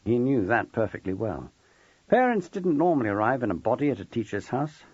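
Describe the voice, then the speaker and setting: A man's voice: mid-range voice, big pitch swings, a little fast, darkish tone, husky, no room sound, dull audio. A man narrating a novel as an audiobook, telling the story expressively. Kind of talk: scripted narration.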